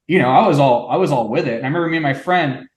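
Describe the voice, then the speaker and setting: A man's voice: on the high side, racing. A man in his forties telling stories in a casual chat among old friends, wry and dry, with lots of hedging fillers. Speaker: podcast co-host. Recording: echoey room.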